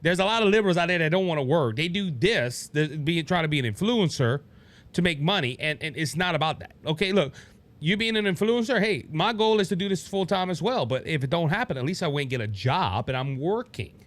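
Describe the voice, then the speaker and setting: A Cajun-accented man hosts a solo political talk show. His voice sits fairly high and swings widely in pitch. He rambles, restarts his sentences and keeps calling out to his listeners. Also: brisk. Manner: animated and rambling, frequent restarts, addresses listeners as ladies and gentlemen. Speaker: podcast host.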